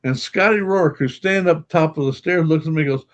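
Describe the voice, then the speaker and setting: A man's voice: on the high side, brisk. Older man telling a story, lo-fi sound. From Kentucky, USA. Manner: animated storyteller, laughs often, acts out quotes. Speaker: podcast guest, paranormal investigator. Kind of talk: storytelling anecdote in casual chat.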